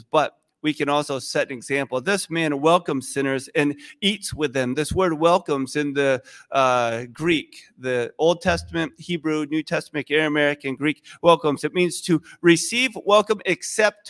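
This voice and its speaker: A male pastor giving a sermon in a conversational, animated storytelling way. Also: fairly high pitch.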